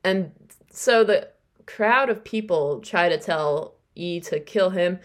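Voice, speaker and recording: A woman's voice: fairly low pitch, slow pace. A young adult woman hosting a podcast, casually recapping a novel's plot in a chatty way and acting out the characters' lines. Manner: chatty, acts out characters' lines while retelling. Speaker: podcast host.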